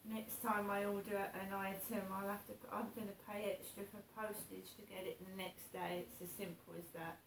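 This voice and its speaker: Gravelly woman vlogging at home. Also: mid-range voice, level tone, moderate pace, hardly any pauses, a little hiss or hum. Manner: chatty, rambling, repeats herself. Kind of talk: casual morning vlog. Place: home, indoors. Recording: roomy, distant mic.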